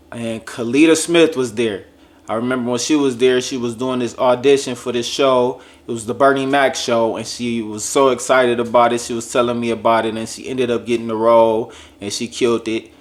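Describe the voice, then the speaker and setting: A man vlogging a personal testimony, telling a lively, jokey story straight to his viewers and acting out other people's lines. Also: mid-range voice, moderate pace. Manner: addresses viewers directly and casually. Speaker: vlogger sharing a faith testimony.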